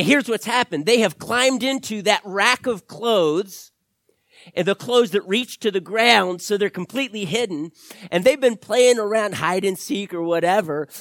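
Pastor, conversational sermon delivery, mid-pitched, dry booth-like sound. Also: a bit bright, no echo. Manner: conversational storytelling preaching, acts out small voices.

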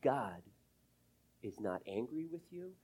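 A middle-aged man preaching a sermon as pastor, earnest, drawing out key words and swinging between loud emphasis and hushed, near-whispered asides. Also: medium pitch, very animated, slow, breathy edge.

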